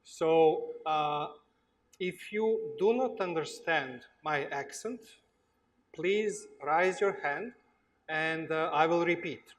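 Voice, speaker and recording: A man with a Slavic accent gives a workshop talk to students, his voice pitched a little above the usual for a man. He speaks very slowly, stopping often on "uh" and repeating himself as he searches for words. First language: Slavic language. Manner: slow, halting, with frequent uh pauses and repeats. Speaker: guest lecturer. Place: lecture hall.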